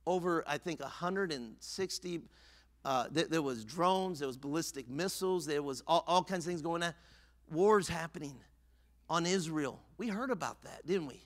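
A male pastor preaching a fervent sermon in a church sanctuary, swinging between loud exhortation and hushed earnestness. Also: fairly high pitch, normal speed. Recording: long church reverb.

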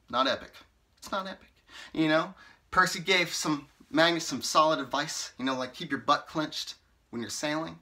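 A man with a very bright, forceful tone, slightly high-pitched, chatting loosely as he talks through his thoughts. He rambles, circles back, and leans on fillers. He takes a playfully exasperated, teasing edge. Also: animated, measured pace, long pauses. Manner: rambling and chatty, full of "like" and "you know". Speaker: book reviewer. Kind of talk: casual vlog commentary.

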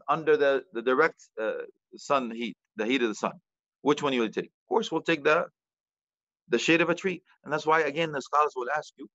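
Bright-voiced male imam preaching. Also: fairly high pitch, dry recording, muffled recording. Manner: animated, addresses listeners directly, mixes Arabic terms and recitation. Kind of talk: sermon lecture.

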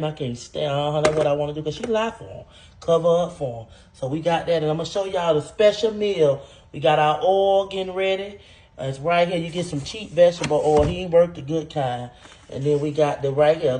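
A man's voice: fairly high pitch, dark tone, a little hiss or hum, close to an everyday voice. A man playing a scorned, vengeful wife who talks sassily to viewers in a comedy cooking skit. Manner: sassy, talks straight to viewers with "y'all" and "honey".

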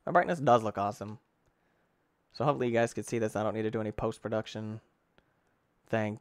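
A man giving excitable, rambling commentary on his gameplay, talking to himself and breaking into sudden shouts. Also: fast, no echo, clean studio sound. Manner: excitable, with sudden shouts and big pitch jumps. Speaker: gaming channel host. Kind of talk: let's-play gameplay commentary.

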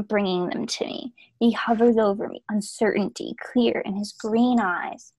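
A woman's voice: fairly high pitch, husky, low-quality recording. A woman reading a story aloud to friends over a video call, chatty and self-deprecating. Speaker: reader. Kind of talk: casual comedic group reading.

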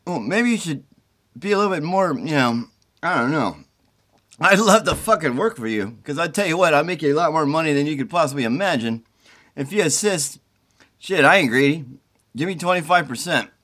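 A sick, worn-out middle-aged man rants and pleads in a slightly high voice, swearing as he goes. He sounds agitated and run down with the flu. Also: lively intonation, a little fast, fairly bright tone. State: sick with the flu, congested and tired. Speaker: self-recording video poster. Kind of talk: rambling direct-to-camera plea. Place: indoors at his mother's home.

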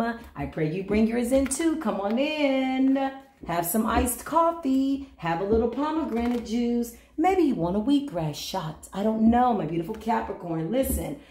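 A woman's voice: fairly high pitch, a little mellow, echoey room, slight background noise. A woman giving a channeled tarot reading to her viewers, with a playful, teasing manner and sing-song greetings. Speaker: tarot reader.

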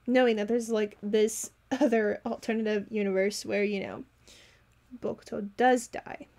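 A woman's voice: medium pitch, steady tone, normal speed, a little mellow. A woman hosting a reaction video, chatting casually with giggly, enthusiastic commentary. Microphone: home recording setup.

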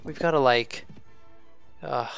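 A young man hosting a co-op game session, reacting excitably to the action and chatting casually. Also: mid-range voice, takes it slowly, vocal fry, clean tone, dull audio, faint music behind. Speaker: gaming channel host. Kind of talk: casual gaming commentary.

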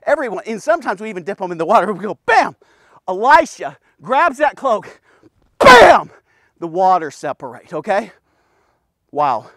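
A man giving a casual, energetic men's devotional, talking to the listener in punchy bursts and often checking in with "okay?". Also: sits high, normal speed, dry recording, studio quality. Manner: punchy, keeps asking "okay?", bursts of loud exclamations. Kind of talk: casual energetic Bible teaching.

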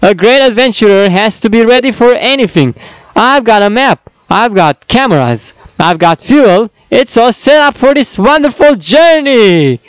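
A man's voice: very high-pitched, expressive, a little slow, smooth, no echo, pitched above the performer's own voice. A man voicing an eager male explorer zombie who brags about his gear. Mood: chirpy.

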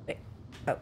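A woman doing let's-play game commentary in an excitable, loud way, jumping between shouting and muttering. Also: a little hiss or hum. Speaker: gamer.

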